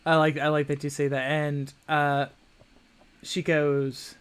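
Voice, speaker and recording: A man narrating as game master of a tabletop game, halting and filling pauses with "uh" and "kind of". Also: fairly high pitch, little pitch movement, smooth. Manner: halting, full of fillers.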